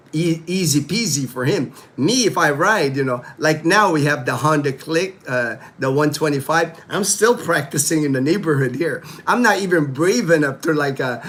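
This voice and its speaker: A middle-aged man hosts a casual livestream from his home. His voice sits a little high, and he talks in a loose, rambling way, leaning on "you know" and restarting his sentences. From Philippines. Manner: rambling, animated, many "you know" fillers. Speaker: livestream host. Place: home in the Philippines.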